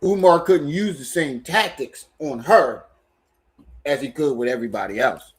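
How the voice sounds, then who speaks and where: A man's voice: a little high, moderate pace. Chatty livestream host, a man. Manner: repeats himself in loose, chatty sentences. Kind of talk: casual commentary.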